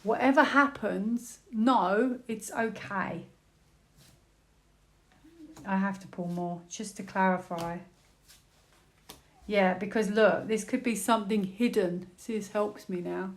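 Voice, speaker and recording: A woman's voice: medium pitch, steady tone, takes it slowly, long pauses. British woman musing through a tarot reading. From United Kingdom. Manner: musing, exclaims and repeats words while turning cards. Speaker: tarot reader. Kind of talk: live tarot reading, thinking aloud.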